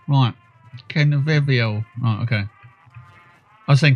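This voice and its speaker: A man's voice: medium pitch, expressive, moderate pace, no echo, muffled recording. Chatty man streaming a game. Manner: chatty, talks to himself, swears casually. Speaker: livestreamer. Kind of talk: casual gameplay commentary.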